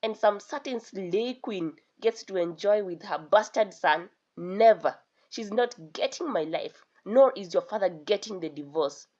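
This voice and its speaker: A woman voicing a furious, vengeful middle-aged wife who shouts in anger, with a dull lo-fi sound. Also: lowish voice, expressive, normal speed, close to an everyday voice. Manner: angry shouting.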